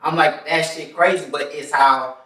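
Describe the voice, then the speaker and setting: A man's voice: a little high, normal speed, distant mic. A man co-hosting a casual podcast, chiming in with his own take on the story. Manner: relaxed, conversational, chimes in with his own take. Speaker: podcast co-host. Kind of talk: casual chat. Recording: echoey room, off-mic.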